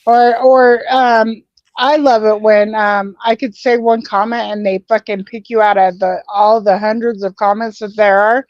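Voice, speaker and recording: A woman's voice: medium pitch, flat delivery, a little slow, dry recording. A woman hosting a casual online voice chat, swearing freely, stumbling over restarts and laughing things off. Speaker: host. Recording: dull lo-fi sound.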